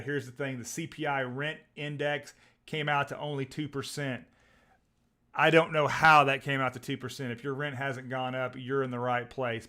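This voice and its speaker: Texas-born male stream host, excitable and rambling, live stock trading commentary. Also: medium pitch. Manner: rambling, excitable, reads out tickers.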